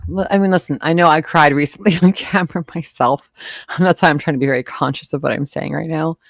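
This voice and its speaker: Woman, live reaction commentary, blunt, sarcastic, gravelly, dry close sound. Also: low voice, fairly even intonation, fast talker, no room sound. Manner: blunt, sarcastic, swearing freely.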